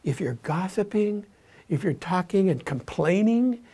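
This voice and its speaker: A man's voice: high-pitched, expressive, unhurried, dark tone, husky. An older man, a grandfather, telling plainspoken stories in a conversational, reflective way. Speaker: grandfather sharing parenting advice. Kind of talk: reflective storytelling talk.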